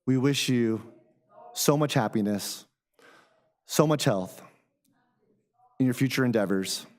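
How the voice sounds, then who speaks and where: A man giving formal, measured prepared remarks as city manager at a council meeting. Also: medium pitch.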